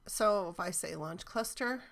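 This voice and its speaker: A woman's voice: on the low side, unhurried, gravelly, fairly bright tone. A woman teaching cloud databases in a chatty, enthusiastic screen-recorded walkthrough, with frequent ums.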